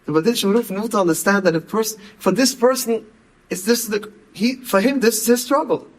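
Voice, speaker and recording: A man's voice: high-pitched, a little fast, poor audio. A man, telling stories in a talk and repeating words for emphasis. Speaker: speaker. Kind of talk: storytelling talk.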